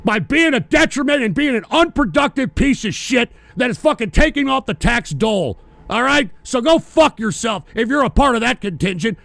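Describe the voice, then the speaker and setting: A man hosting a livestream, ranting angrily about politics and cursing at viewers who donate, often shouting. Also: extremely high pitch, animated, moderate pace, gravelly, dry recording. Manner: profane, ranting, frequently shouting. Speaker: livestream host. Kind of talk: angry political rant, reading donations.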